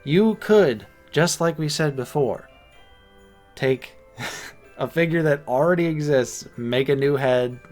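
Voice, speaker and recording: A man's voice: on the high side, slow, a little mellow, faint music behind. A man co-hosting a casual collector podcast, speaking in an easygoing, rambling way. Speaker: podcast co-host. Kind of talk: casual chat.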